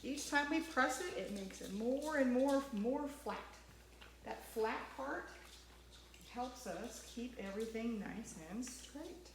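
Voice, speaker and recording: A woman's voice: fairly high pitch, slow, creaky, roomy sound, noisy background. Chatty woman talking to her dog while sewing. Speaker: sewing channel host. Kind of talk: casual sewing tutorial.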